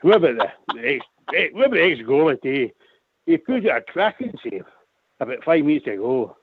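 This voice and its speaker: A man phoning in to a radio show, excitable, tripping over and repeating his words. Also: on the high side, fairly quick, slight background noise. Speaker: caller. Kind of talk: casual call-in chat. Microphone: phone. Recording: tinny phone line.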